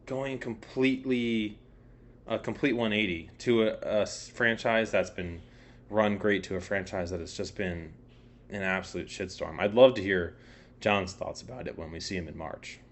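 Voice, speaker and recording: A man's voice: on the low side, fairly even intonation, moderate pace. Young man rambling about football. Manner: rambling, frequent fillers and swearing. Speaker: podcast co-host. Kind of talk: casual sports chat.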